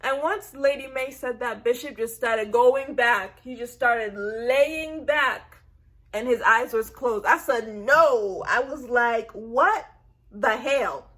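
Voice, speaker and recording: A woman recapping a TV episode in a casual, animated way, acting out her own reactions and leaning on "like" and "I said". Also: fairly high pitch, slow. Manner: chatty, heavy use of "like" and "I said". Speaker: TV recap vlogger.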